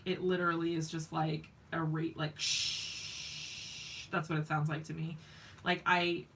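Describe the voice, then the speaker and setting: A chatty woman hosts a live craft stream from home, giggling often and greeting viewers in the chat by name. Her voice has a crisp, bright edge with a gravelly fry underneath, and she talks at a slow, unhurried pace. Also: lowish voice, slight background noise.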